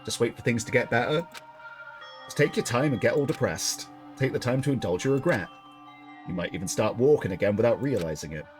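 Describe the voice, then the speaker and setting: A man reading a visual novel aloud, voicing a tough young gang leader in a gruff, blunt, challenging way. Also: medium pitch, animated, a little fast, soft background music, natural voice. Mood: taunting.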